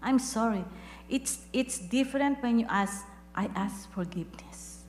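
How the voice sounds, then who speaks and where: A woman's voice: on the high side, a little slow. A woman sharing a personal testimony and leading a fervent prayer in church, speaking earnestly and repeating phrases for emphasis. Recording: echoey hall with faint hum.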